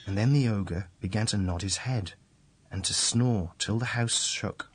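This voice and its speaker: A man reading a fairy tale aloud, slow and deliberate. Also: fairly low pitch, heavy background noise. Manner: slow, deliberate, repetitive storytelling. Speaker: storyteller.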